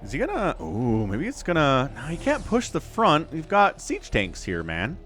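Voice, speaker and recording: A man giving casual esports commentary as caster, chatty and rambling, getting excitable at the action. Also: fairly high pitch, moderate pace, faint music behind. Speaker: game caster.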